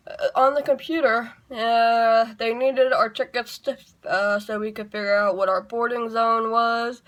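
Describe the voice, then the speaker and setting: Chatty wry woman vlogging, slightly high. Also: fairly bright tone. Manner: chatty and wry, rambling with asides. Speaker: YouTuber. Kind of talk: casual vlog monologue.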